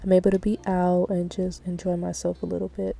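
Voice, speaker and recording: Young mom vlogger, casual and talky, lowish voice, phone mic. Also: female voice, completely flat delivery, fairly quick, vocal fry, mellow, poor audio. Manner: chatty, peppered with "like" and "y'all". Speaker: vlogger and mother. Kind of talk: casual vlog chat.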